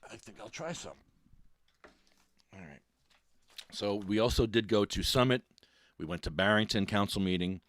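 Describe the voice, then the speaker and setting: A man's voice: fairly low pitch, moderate pace, long pauses, no room sound. A man hosting a casual solo podcast, rambling and poking fun at himself, with lots of restarts. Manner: rambling, self-deprecating, with frequent restarts. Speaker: podcast host.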